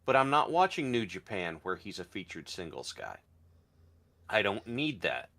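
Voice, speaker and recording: Bright low-voiced man, emphatic on a podcast. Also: wildly swooping pitch, normal speed. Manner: emphatic, exasperated. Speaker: podcast co-host. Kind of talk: casual wrestling chat.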